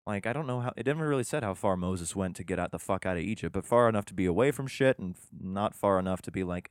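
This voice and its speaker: A man with a fairly low voice reads scripture aloud in a mock-solemn cadence, then drops into casual, profane, sarcastic asides. The sound is dry and close. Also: lively intonation, fast, dry recording. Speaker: reader commenting on scripture. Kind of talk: casual irreverent commentary with scripture reading.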